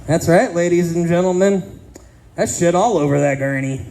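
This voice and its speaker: A man's voice: high-pitched, normal speed, creaky, mellow, poor audio. A man in his thirties doing a crude, self-deprecating stand-up comedy set with punchy delivery on a casino stage. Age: 30s.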